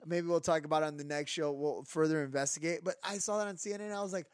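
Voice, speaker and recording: A man co-hosting a casual podcast, rambling through an animated rant full of fillers. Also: fairly high pitch, fast, smooth, dry recording, studio quality. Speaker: podcast co-host.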